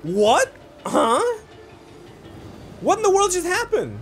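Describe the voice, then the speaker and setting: A man giving casual let's-play commentary while he games, excitable, profane and often exasperated. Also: extremely high pitch, takes it slowly, soft background music. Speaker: gaming video host.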